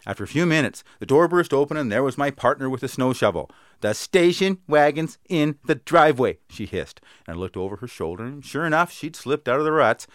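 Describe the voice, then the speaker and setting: A man's voice: mid-range voice, lively intonation, fast talker, hardly any pauses, fairly bright tone, no echo, studio quality. A man telling a humorous story and acting in comic sketches, wry and self-mocking. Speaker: comedy performer.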